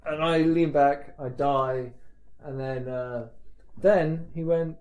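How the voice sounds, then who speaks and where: A man's voice: a little high, unhurried, warm tone. A man hosting a podcast, telling a long story in casual chat, rambling and laughing as he goes. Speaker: podcast host.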